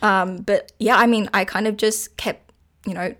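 A woman's voice: mid-range voice, fairly even intonation, normal speed, a bit bright. Young aussie woman, chatty and giggly, pokes fun at herself. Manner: giggly, chatty, self-deprecating. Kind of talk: casual chat.

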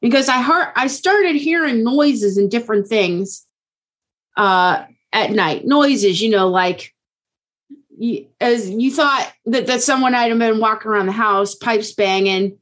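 Woman voicing a jailed young man, Pittsburgh accent, halting ghost story. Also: a little high, fairly bright tone. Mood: spooked. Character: troubled young man in jail telling of ghosts.

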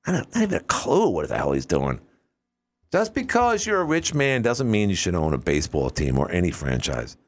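Radio host guy, lowish voice but very lively, goes on and on, restarts a lot. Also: a little fast. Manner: rambling, opinionated, with many restarts. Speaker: radio talk show host. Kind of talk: solo call-in radio talk.

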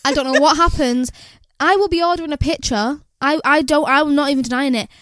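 A woman's voice: high voice, fairly quick, noisy background. A young woman co-hosting a podcast, chatting casually in a brash, teasing way with plenty of swearing. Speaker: podcast co-host. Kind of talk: casual chat.

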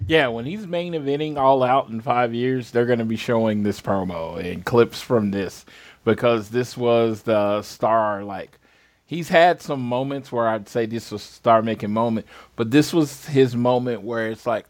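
A man's voice: medium pitch, moderate pace, no echo. A man co-hosting a wrestling podcast, talking casually and correcting himself as he thinks aloud. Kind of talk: casual show recap chat.

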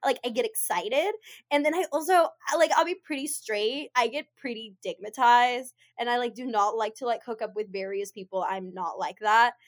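A woman's voice: on the high side, normal speed. A woman co-hosting a podcast in casual chat, blunt and profane, laughing often. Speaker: podcast co-host.

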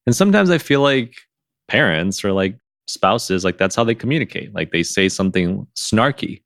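Low gravelly man, animated chat. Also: normal speed, dry recording, studio quality. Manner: animated, reenacts his own quotes in a higher voice. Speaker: podcast host. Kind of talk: casual conversation.

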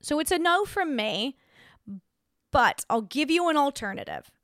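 A woman's voice: sits high, lively intonation, a little slow, a bit bright, no room sound, clean studio sound. A young woman hosting a podcast, giving blunt, sassy relationship advice in a casual, playful chat. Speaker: podcast host.

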